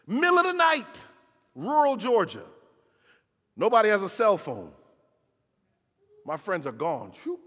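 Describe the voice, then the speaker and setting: Man preaching in a church, voice a bit high, big loud-to-quiet swings, long hall echo. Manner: dramatic storytelling with big swings in loudness. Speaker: pastor. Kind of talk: sermon.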